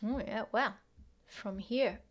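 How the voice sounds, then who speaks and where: A woman teaching a casual livestream lesson, chatting with viewers and muttering quietly to herself as she reads the chat. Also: on the high side, takes it slowly. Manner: chatty, mixes English with Japanese phrases, murmurs to herself. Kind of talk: casual live-stream lesson, reading chat.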